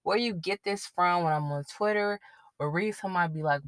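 A woman's voice: lowish voice, a little fast, dry recording. A young woman hosting her own podcast, chatting casually and rambling a little, with the odd stumble over her words. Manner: conversational, rambling, admits getting tongue-tied. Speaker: podcast host. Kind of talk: casual solo podcast commentary.

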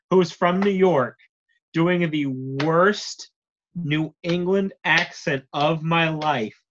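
Young guy, kinda high voice, jokey and sweary, sounds dull and lo-fi. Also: fairly bright tone. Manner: joking, swears freely. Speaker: podcast co-host. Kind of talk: casual chat.

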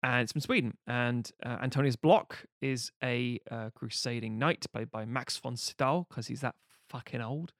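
A man's voice: mid-range voice, moderate pace, hardly any pauses, fairly bright tone, dry recording, clean studio sound. A man chatting casually as a podcast co-host, rambling, profane and jokey as he recaps a film.

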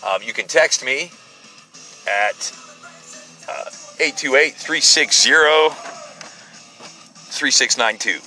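A man's voice: mid-range voice, takes it slowly, long pauses, bright, forceful tone, soft background music. A middle-aged American man hosting his own podcast, talking bluntly and self-deprecatingly with many fillers and restarts, recorded on a phone in a parked car. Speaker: podcast host. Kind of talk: casual rambling monologue.

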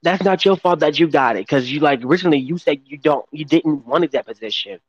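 A man co-hosting a casual gossip podcast, talking haltingly with lots of fillers and restarts. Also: a little high, animated, slightly rough, highs cut off. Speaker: podcast co-host.

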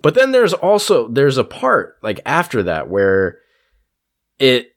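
A man co-hosting a casual film discussion, animated and swearing often, with many fillers. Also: mid-range voice, slow pace. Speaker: podcast co-host.

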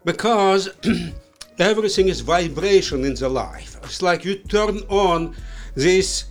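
A man talking as a studio guest in a slow, halting, playful way, with non-native grammar. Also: high-pitched, expressive, soft background music. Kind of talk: casual interview chat.

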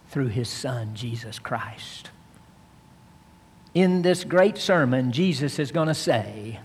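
Slow, husky preacher in a reverberant hall. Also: male voice, mid-range voice. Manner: dramatic storytelling, slow and emphatic. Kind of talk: sermon.

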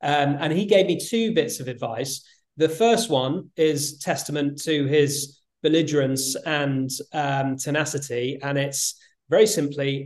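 A man talking casually as a guest on a podcast, animated, laughing often and repeating words for emphasis. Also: on the high side, a little slow. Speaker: guest, retail executive.

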